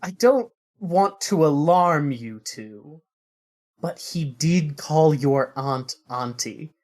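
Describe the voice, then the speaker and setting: Woman player, low unhurried voice, formal in-character speech. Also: animated, darkish tone. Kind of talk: playing a character in a tabletop game.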